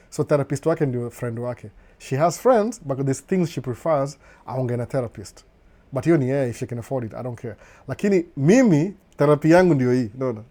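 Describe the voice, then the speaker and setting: The mellow, mid-range voice of a middle-aged Kenyan man carries a casual live stream as he reads viewer comments. He switches between Swahili and English and often laughs softly while saying "no, no."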